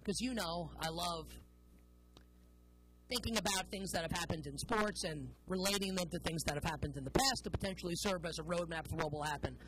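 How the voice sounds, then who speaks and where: Woman, sports talk host, opinionated, sarcastic, emphatic, bright tense voice, soft music behind. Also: lowish voice, fairly quick, poor audio.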